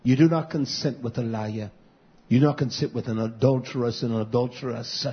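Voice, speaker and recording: Husky impassioned preaching man. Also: mid-range voice, steady tone, fairly quick. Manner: impassioned preaching that swings between loud and hushed. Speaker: pastor. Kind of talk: sermon to a live stream. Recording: dull lo-fi recording.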